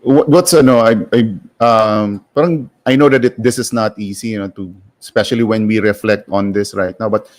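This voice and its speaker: A man with a Filipino English accent hosting an interview, asking searching questions with halting starts and Tagalog fillers. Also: fairly low pitch, steady tone. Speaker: show host.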